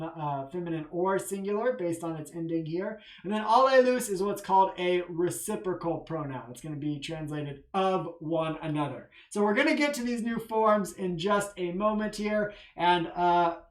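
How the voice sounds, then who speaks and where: A seminary professor talks students through a recorded lecture with slides, in a loose conversational way full of ums and restarts. The explanations are patient and repeat key points, at a middle pitch, and the voice carries a roomy echo. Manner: conversational, with frequent fillers and restarts; patient, repetitive teacherly explanations.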